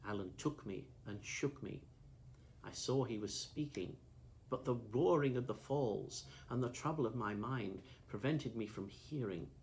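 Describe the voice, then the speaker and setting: A man reading a classic novel aloud as an audiobook, in a steady, measured first-person storytelling manner. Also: medium pitch. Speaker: audiobook narrator.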